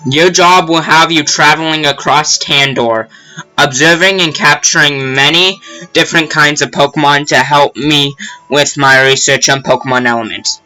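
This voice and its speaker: A man voicing an absent-minded older professor in a video game, explaining things at a slow, steady pace. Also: fairly high pitch, soft background music, low-quality recording.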